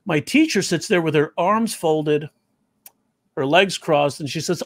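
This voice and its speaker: A man who teaches comedy telling stories in an interview, animated and slipping into quoted voices. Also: on the high side, unhurried, dry recording. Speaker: comedy teacher and stand-up comic. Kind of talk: storytelling interview talk.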